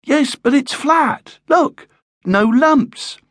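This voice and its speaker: A man's voice: very high-pitched, lively intonation, extremely slow, fairly bright tone, dry recording, studio quality, pitched above the performer's own voice, heavily acted. A male audiobook narrator voicing a curious, eager young caveboy who keeps pestering his father. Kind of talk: audiobook character voice.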